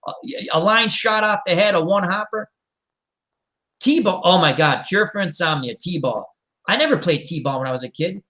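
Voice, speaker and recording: A man's voice: sits high, moderate pace. A middle-aged man, hosting a casual chat and telling rambling anecdotes. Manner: animated, rambling anecdotes with mimicked voices. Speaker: host.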